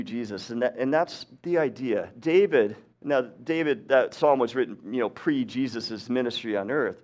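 A man delivering a relaxed sermon to a live congregation, mixing scripture with stories from his teaching days. He talks in an easygoing, chatty way, laughs often and keeps checking that the room follows him. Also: mid-range voice. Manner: conversational, laughs often, checks in with "right?" and "okay?". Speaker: preacher and teacher. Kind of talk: casual sermon. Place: hot upstairs room, live audience.

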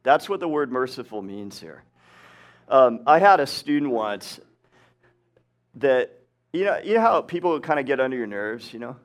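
A man delivering a relaxed sermon to a live congregation, mixing scripture with stories from his teaching days. He talks in an easygoing, chatty way, laughs often and keeps checking that the room follows him. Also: medium pitch, moderate pace, pauses often. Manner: conversational, laughs often, checks in with "right?" and "okay?". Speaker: preacher and teacher. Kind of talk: casual sermon. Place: hot upstairs room, live audience.

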